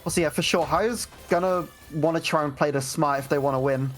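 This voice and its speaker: Woman, low deep voice, laid-back esports analyst, lots of ums, faint music underneath. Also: brisk. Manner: relaxed analysis with frequent fillers. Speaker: esports co-commentator. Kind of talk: live tournament commentary.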